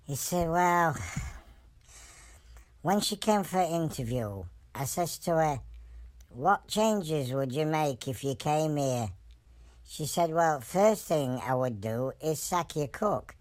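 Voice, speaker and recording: A man's voice: a little high, expressive, slow pace. A man with a Yorkshire accent voicing a trained animal who tells rambling pub jokes, full of fillers and restarts. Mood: gossipy. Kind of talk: dubbed comic voice-over.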